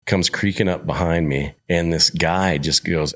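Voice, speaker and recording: A deep-voiced man in his fifties chats as a podcast guest. He tells his stories with lively energy and now and then slips into the voices of people he met. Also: unhurried, hardly any pauses. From Montana. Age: 50s. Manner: animated storyteller, acts out voices of people he met. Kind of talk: casual interview storytelling.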